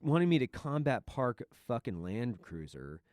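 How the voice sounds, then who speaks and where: A middle-aged man co-hosting a casual, profane chat, animated and mocking others in put-on voices. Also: medium pitch, measured pace, dry recording, studio quality. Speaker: podcast co-host.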